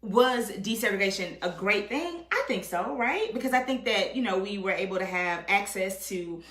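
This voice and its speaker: A woman guest in a casual conversation talks in an animated way, acting out quotes and often checking in with "right?". Her pitch is medium and her pace moderate, and the recording is reverberant.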